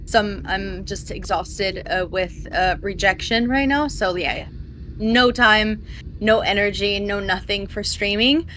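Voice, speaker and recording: A woman's voice: medium pitch, unhurried, a bit bright, a little hiss or hum. A woman tabletop player and streamer, chatting casually and rambling with lots of fillers over an online call mic. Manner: rambling, full of "um" and "like". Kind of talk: casual chat about her character.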